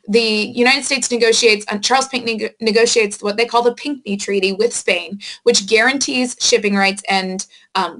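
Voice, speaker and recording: A woman with a somewhat high voice delivers a screen-recorded history lesson. She explains things to students in a plain, conversational way, adds casual asides, and fixes her own slips mid-sentence. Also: a bit bright. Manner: explanatory, addresses students directly with reminders; casual asides and self-corrections. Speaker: history teacher. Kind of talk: recorded classroom lecture. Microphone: screen-recording microphone.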